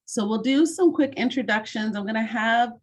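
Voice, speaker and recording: A woman hosting an online mentoring session over a video call, giving clear, encouraging instructions. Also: a little high, moderate pace.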